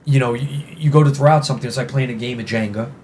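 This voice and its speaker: A podcast guest from New York City, with a New York accent, rambles emphatically through a casual interview, leaning on lots of "you know" and "like." His mid-range voice is fast and darkish, with slight background noise.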